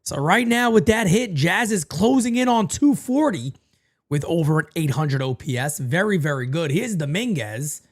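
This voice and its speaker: A man hosting a live baseball watch party, giving casual play-by-play and reading a sponsor plug. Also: moderate pace. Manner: animated, jumps between hype and low asides.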